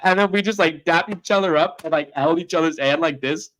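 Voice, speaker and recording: A young man co-hosting a casual sports podcast, telling a story with excitement and quoting himself and his friend. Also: high voice, a little fast. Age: young adult. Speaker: podcast co-host.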